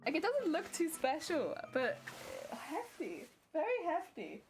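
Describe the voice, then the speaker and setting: A young British-born woman streams herself sewing, talking to herself in a light, fairly high voice. She coaxes herself along and giggles through the tricky parts. Music plays clearly underneath the whole time. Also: huge pitch swings, unhurried. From United Kingdom. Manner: chatty, self-talking, giggly while working. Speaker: cosplay streamer. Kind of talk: casual sewing stream chat.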